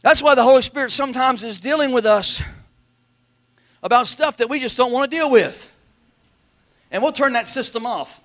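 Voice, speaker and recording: Man, pastor, sermon, bright tense tone, folksy, emphatic, shouting at peaks. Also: extremely high pitch, moderate pace, pauses often.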